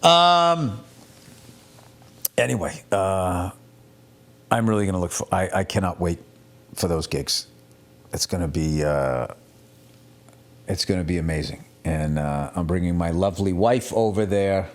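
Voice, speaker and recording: A middle-aged male comedian rambling through a casual, profane monologue, telling stories in an animated way. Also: low voice, a little slow, pauses often. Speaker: comedian, podcast host.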